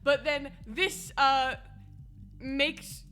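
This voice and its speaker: A woman's voice: high voice, extremely slow, a bit bright. A woman streamer chatting casually over gameplay, laughing often. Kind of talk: casual live-stream commentary.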